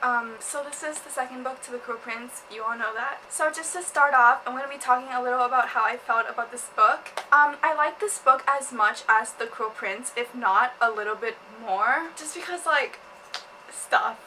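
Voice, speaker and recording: A young woman with a high, bright voice chats casually in a vlog, gushing and giggling as she talks. A faint hum sits behind her. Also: normal speed, low-quality recording. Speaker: booktube vlogger. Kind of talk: casual chat.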